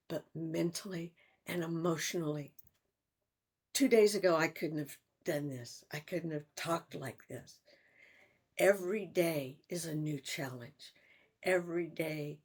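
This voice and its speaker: An older woman in a personal vlog, talking in a halting, reflective way with sighs and restarts. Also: deep voice, breathy edge. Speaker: vlogger.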